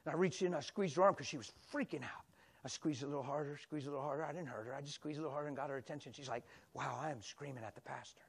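A man in his sixties preaching a sermon in a church, telling stories animatedly and swinging from loud exclamations to a soft near-whisper. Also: on the high side, racing, creaky, breathy edge.

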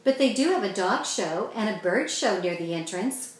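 A woman's voice: medium pitch, lively intonation, moderate pace, natural voice. A woman reading as a cheerful, sweet-seeming woman stranger who coaxes children. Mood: friendly. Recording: very echoey room.

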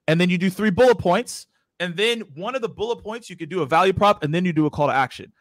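Fast-talking excited man coaching. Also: high-pitched, no room sound. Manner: fast, excited, laughs often, addresses audience as y'all. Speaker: webinar host. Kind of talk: energetic sales coaching talk.

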